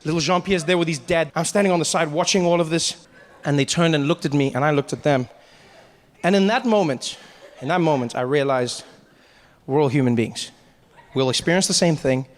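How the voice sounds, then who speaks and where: A man performing stand-up comedy, telling a story in an animated way. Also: a little high, brisk. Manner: animated, big voice swings for characters.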